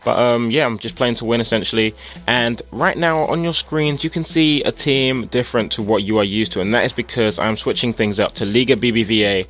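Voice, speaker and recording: A young man with a tired, sore-throated voice giving casual gameplay commentary that jumps into excited shouting. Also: mid-range voice. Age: young adult. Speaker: gaming YouTuber.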